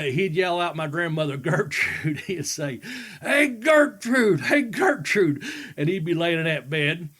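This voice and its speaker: A middle-aged former wrestler co-hosts a wrestling talk podcast, casually chatting and telling stories, laughing often as he acts out voices. His voice is fairly high in pitch and a bit bright.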